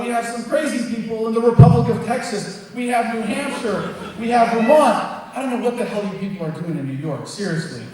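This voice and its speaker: A man in his thirties giving a blunt, emphatic speech to a live crowd as an activist speaker, heard from far off. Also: high voice. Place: large event space with crowd. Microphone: distant mic, recorded from far off. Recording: echoey hall, far from the mic.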